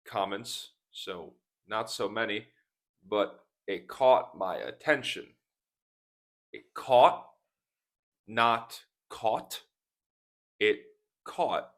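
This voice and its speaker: A man teaching English in a slow, deliberate way, repeating single words to show how they are pronounced as he talks to the camera from his desk. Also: lowish voice, a bit bright. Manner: repeats words for pronunciation practice. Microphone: speaking to camera at a desk.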